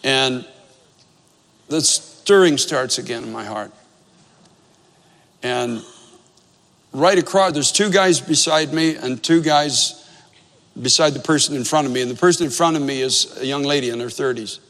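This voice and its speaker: A man's voice: mid-range voice, a little slow, pauses often, fairly bright tone, big-room sound. A male pastor in his fifties telling a story in a sermon, conversational and self-deprecating, repeating phrases for emphasis.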